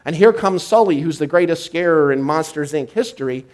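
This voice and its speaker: A male minister giving a live sermon, swinging from hushed and intimate to loud and excited. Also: fairly high pitch, a little fast. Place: church service, live.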